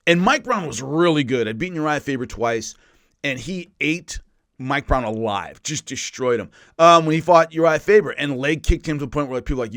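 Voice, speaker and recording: A man, an MMA analyst, talking casually through a list with animated storytelling and quick asides. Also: on the high side, no echo, clean studio sound. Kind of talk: casual spoken rundown. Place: California.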